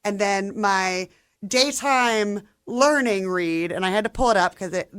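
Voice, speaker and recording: A woman's voice: medium pitch, a little slow, a bit bright, clean tone, dry recording, clean studio sound. A woman guest on a radio show, talking earnestly and with enthusiasm, a solutions-minded speaker. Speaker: guest, housing nonprofit leader. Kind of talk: casual radio interview. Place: radio studio.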